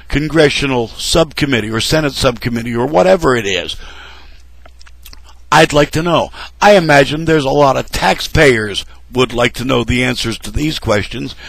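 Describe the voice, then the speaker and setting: A man rants slowly and sarcastically, scolding politicians as if they sat across from him. His voice is gravelly and full of fry. The sound is dry and close, with no room around it. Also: on the high side, fairly bright tone, no echo, rough recording. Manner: sarcastic, scolding, addresses candidates directly. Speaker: political commentary vlogger. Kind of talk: ranting political commentary to camera.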